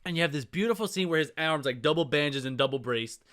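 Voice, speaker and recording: A man on a casual podcast, telling a story in an animated way with casual swearing. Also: on the high side, fast. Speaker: podcast co-host.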